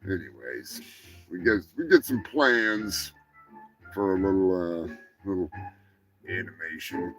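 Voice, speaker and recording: A man hosting a crude comedic news show, talking in a profane, rambling, mock-gruff way. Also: low-pitched, sing-song, measured pace, pauses often, fairly bright tone, faint music behind. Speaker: host.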